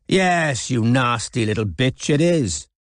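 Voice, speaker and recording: A man voicing a spiteful, hysterical middle-aged Welshman with a Welsh accent, sneering and shouting in an audiobook. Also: mid-range voice, lively intonation, takes it slowly, dry recording, clean studio sound. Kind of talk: audiobook character voice.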